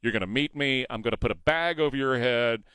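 A man's voice: fairly quick, bright, forceful tone, clear, resonant tone, dry recording, lightly acted. A man voicing a menacing male kidnapper who barks threatening orders. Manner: threatening, low and hard.

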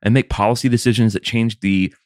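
Fairly low in pitch with a steady, darkish tone, this Southern American man in his thirties talks briskly while co-hosting a podcast. The casual chat rambles, turns wry and occasionally profane, and the studio-quality recording has no room sound.

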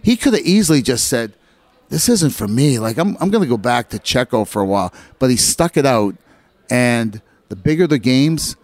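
A man's voice: medium pitch, normal speed, no echo. A middle-aged man, a former hockey player, telling locker-room stories in casual chat and acting out the voices he quotes. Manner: animated storyteller, acts out quoted voices.

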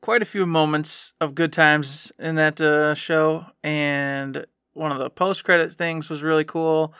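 A man's voice: a little high, steady tone, unhurried, fairly bright tone, clean tone, no echo, clean studio sound. A man co-hosting a podcast, rambling enthusiastically through his week in casual chat. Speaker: podcast co-host.

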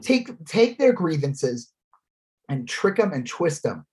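A man co-hosting a casual podcast talks politics with heavy sarcasm, now and then slipping into mocking impressions. His voice is fairly high and sing-song, with a darkish, breathy tone, and he takes his time.

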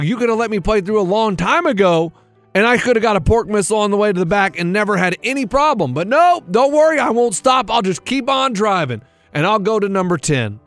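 A high-voiced man tells a story in casual chat and keeps slipping into the voices of the people in it. He sounds dry and close in the studio, with faint music underneath. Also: a little fast, no echo. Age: middle-aged. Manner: animated storyteller acting out other people's lines. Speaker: radio show co-host.

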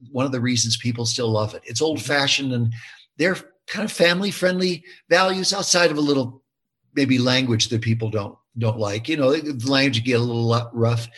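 A man's voice: mid-range voice, a bit bright, husky. An older man talking casually in an interview about his film, telling stories with many restarts and fillers.

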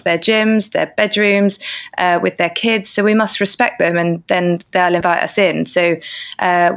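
Lowish-voiced woman guest on a podcast, thoughtful, lots of ums and restarts. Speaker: guest copywriter. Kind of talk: casual interview answers.

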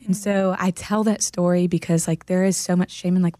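A woman's voice: on the low side, flat delivery, quick pace, hardly any pauses, warm tone, no echo. A woman in a casual talk-show chat, telling a story in an earnest, encouraging way.

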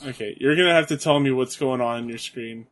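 A man of ordinary middle pitch chats casually over a wrestling watch-along. He sounds laid-back and mostly asks short questions. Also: fast talker, fairly bright tone. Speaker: podcast co-host.

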